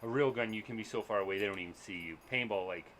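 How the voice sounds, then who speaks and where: A man's voice: lowish voice, fast talker, a bit bright, slight background noise. A man chatting on an outdoor patio, eagerly explaining his gear to friends. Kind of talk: casual chat.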